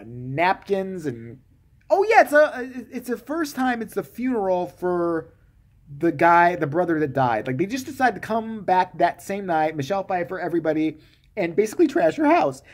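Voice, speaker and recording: In a vlog, a high-voiced man delivers a profane, sarcastic comic rant about a movie. He lurches between mumbling and sudden loud outbursts.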